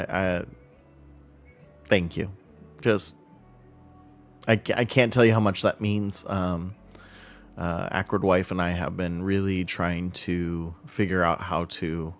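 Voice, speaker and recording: Soft-spoken man streamer, slow and halting. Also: sits low. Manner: heartfelt, halting, many restarts and fillers. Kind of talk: casual live-stream chat.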